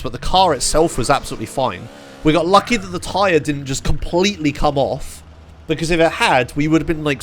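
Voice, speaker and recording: A man's voice: on the high side, a bit bright, a little hiss or hum. Swearing British man telling a story. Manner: swears freely, rambling with many fillers. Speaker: streamer. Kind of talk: casual storytelling to chat.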